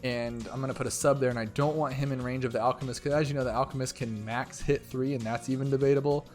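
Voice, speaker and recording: A man talking over his own gameplay in a chatty, overexcited way, rambling from one thought to the next. His voice sits at an ordinary middle pitch, with faint game music underneath. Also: fast. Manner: excitable, rambling, talkative. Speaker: gaming YouTuber.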